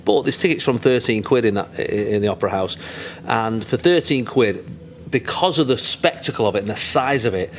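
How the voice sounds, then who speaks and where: A man's voice: lowish voice, animated, moderate pace, slight background noise. Man, Mancunian accent, chatty comic guest, rambling and jokey. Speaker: comedian interview guest. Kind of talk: casual chat.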